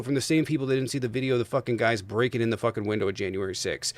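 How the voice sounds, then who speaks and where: Male streamer, mid-pitched, rants with lots of cursing, loud spikes, then chats viewers. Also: racing, hardly any pauses. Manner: angry, profane ranting; loud bursts while venting. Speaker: livestream host. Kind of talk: heated political debate stream.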